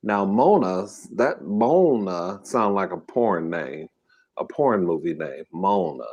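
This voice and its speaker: A man's voice: low-pitched, expressive, takes it slowly, a little mellow, husky, dull audio. Casual man hosting a live trivia game. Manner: reads quiz questions aloud and banters with chat, casual slangy talk. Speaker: mukbang host running a live trivia game. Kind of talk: casual live-stream chat.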